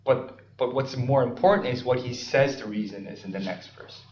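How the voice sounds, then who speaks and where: A man giving a seminary Bible study lecture, unhurried, with filler ums and frequent "right?" and "okay?" checks. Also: medium pitch, a little mellow, slight background noise. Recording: roomy, distant, slightly dull lecture recording.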